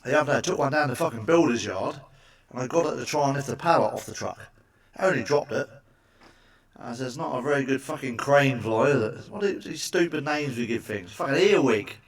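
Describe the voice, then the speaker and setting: A man's voice: mid-range voice, animated, a little fast, distant mic. A man doing crude stand-up one-liners, swearing a lot and asking the listener for agreement. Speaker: stand-up comedian.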